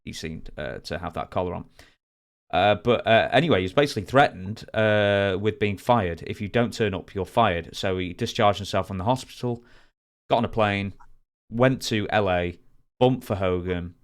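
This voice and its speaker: Smooth low-voiced podcast co-host. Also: male voice. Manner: measured, recounting then asking. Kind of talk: interview questions.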